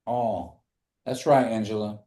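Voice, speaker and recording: A man teaching a classroom language lesson, patiently repeating phrases slowly for his students. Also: lowish voice, steady tone, mellow. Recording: echoey room.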